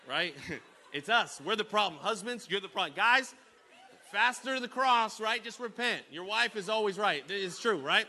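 A young adult man preaching a lively sermon in a church, telling playful stories and calling for responses from the congregation, with sudden loud bursts. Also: sits high, measured pace, slight background noise. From Northern California. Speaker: pastor. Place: church sanctuary.

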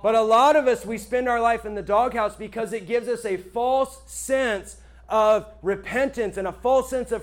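A male pastor with a high voice preaches a sermon to a live audience. He sounds conversational and emphatic and keeps checking in with his listeners.

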